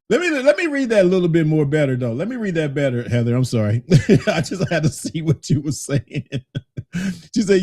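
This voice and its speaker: A man's voice: a little high, sing-song, normal speed, darkish tone. A man hosting a casual talk show, reading listener comments and answering in a loose, conversational way. He laughs often and keeps saying "you know what I'm saying".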